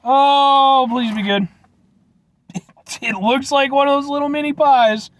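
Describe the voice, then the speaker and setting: A man hosting a casual food review vlog from inside his truck, playful and animated, talking straight to his viewers. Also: very high-pitched, measured pace. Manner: animated, playful, keeps addressing viewers as folks.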